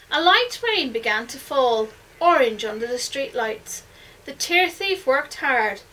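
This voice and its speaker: A woman, a primary school teacher, reading a picture book aloud expressively and dropping to a hush at tense moments. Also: sits high, recorded from a distance, rough recording. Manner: expressive, hushed at suspense.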